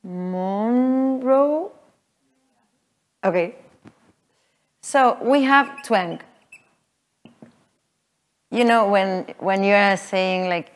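A woman teaching a voice workshop to a live group, explaining in a halting way with many fillers. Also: medium pitch. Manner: halting, filler-heavy explaining, with frequent laughs. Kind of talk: live teaching talk with sung demonstrations. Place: workshop room with an audience.

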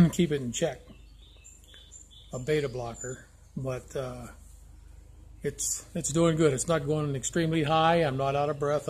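An older man with a somewhat high voice films a casual video diary on his phone outdoors beside a lake. He talks in a halting, heartfelt way, often restarting his sentences. Faint outdoor noise sits behind him. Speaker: vlogger. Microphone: handheld phone camera.

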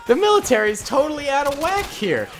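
A young man from the Boston area giving relaxed, chatty, self-mocking gameplay commentary as the host of a gaming channel. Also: extremely high pitch, fairly quick, a little hiss or hum. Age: young adult.

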